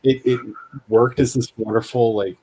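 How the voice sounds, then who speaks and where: A man's voice: mid-range voice, fairly even intonation, normal speed, mellow, slightly rough, rough recording. A man hosting a live stream in casual chat, rambling and restarting his sentences as he tells a story. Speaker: stream host.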